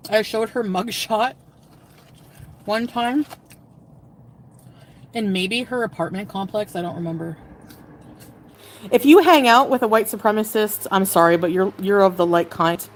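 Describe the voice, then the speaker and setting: A woman livestreamer rants at her viewers in a crude, angry torrent of insults, chopping her own curse words off halfway. Her voice sits at an everyday middle pitch for a woman, with a faint hiss of room noise behind it. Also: measured pace, long pauses, poor audio. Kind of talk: ranting livestream monologue.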